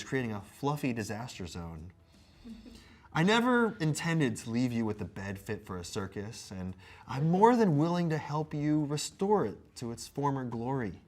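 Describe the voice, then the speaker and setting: A man's voice: medium pitch, darkish tone. A man reading a silly letter aloud in a theatrical, comedic way, breaking into amused laughs. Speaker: co-host.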